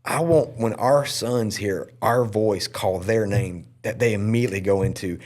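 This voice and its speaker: A man who is a pastor and podcast host, telling a personal story in an earnest, emotional way. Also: moderate pace. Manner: earnest and emotional, with lively pitch swings.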